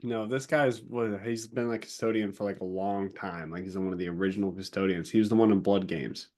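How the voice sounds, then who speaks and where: A man co-hosting a podcast, talking casually about a book, retelling scenes with lively acted-out quotes and the odd swear word. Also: sits low, brisk. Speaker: podcast co-host.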